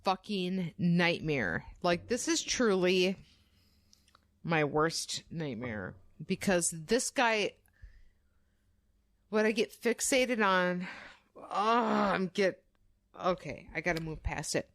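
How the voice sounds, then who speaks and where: Woman, young adult, low voice, dry close sound; casual, animated storyteller who swears. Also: slow pace, long pauses, no echo. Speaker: podcast co-host. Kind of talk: casual true crime storytelling.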